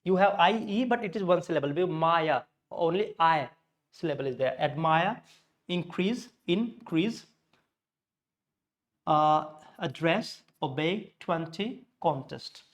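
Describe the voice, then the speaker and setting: Speaking at a moderate pace in a voice that's a little high, a man teaches English pronunciation to a class. He breaks it down step by step, drops in Hindi explanations, and fixes his own slips as he talks.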